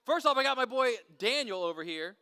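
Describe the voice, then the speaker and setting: A man leading a children's Bible story, energetic, playful and chatty with the kids. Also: extremely high pitch, fairly quick, clear, resonant tone. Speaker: children's pastor.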